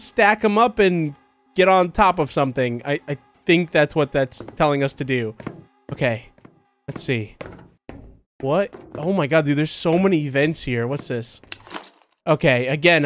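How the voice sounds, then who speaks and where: A high-voiced man hosts a let's play of a horror game, offering confused running commentary that breaks into excited yelps and laughter.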